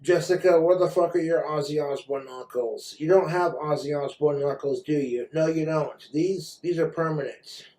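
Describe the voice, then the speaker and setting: A man's voice: on the high side, fairly even intonation, normal speed, few pauses, dark tone. A man vlogging in a rambling, profane rant while he has been drinking. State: drinking, tipsy.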